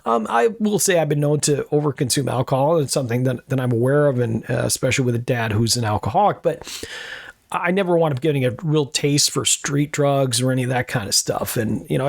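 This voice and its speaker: Middle-aged male podcast host, gravelly, dry close sound, rambling reflective storyteller. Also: medium pitch, dry recording. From Rochester, New York area. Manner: rambling, self-correcting, reflective. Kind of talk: personal storytelling monologue.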